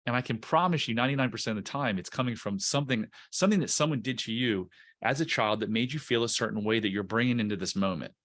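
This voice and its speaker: A man's voice: medium pitch, fast, a bit bright. A man on a podcast interview, explaining emotional self-help in an earnest, coaching way, often restarting words. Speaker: guest, coach.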